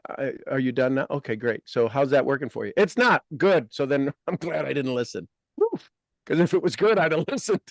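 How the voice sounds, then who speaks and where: A man hosting a casual podcast conversation as a life coach, talking in an emphatic, blunt and animated way. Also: medium pitch, brisk, creaky, no room sound, clean studio sound.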